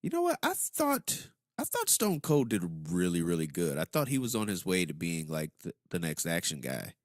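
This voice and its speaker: A man's voice: deep voice, wildly swooping pitch, moderate pace, dry recording, studio quality. A man co-hosting a casual wrestling podcast, laid-back and laughing along. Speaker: podcast co-host.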